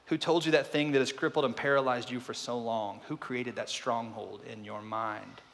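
A male pastor preaching a sermon, swinging from hushed tones to loud peaks and firing off repeated rhetorical questions. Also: medium pitch, fairly even intonation, normal speed, gravelly. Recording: reverberant hall.

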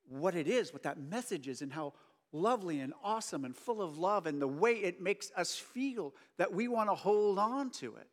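High-voiced male preacher, conversational and jokey, talks straight to the room. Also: a bit bright. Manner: joking, chatty asides to the audience. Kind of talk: casual conversational sermon.

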